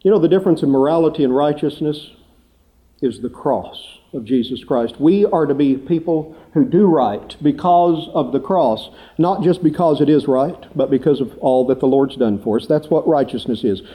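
Mellow-voiced preacher man, animated storytelling. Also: moderate pace. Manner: animated storytelling, rising pitch for emphasis. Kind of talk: sermon with storytelling.

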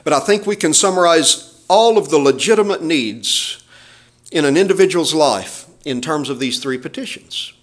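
A male pastor preaching a sermon, with emphatic, measured phrasing and quoted scripture. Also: a little high, lively intonation.

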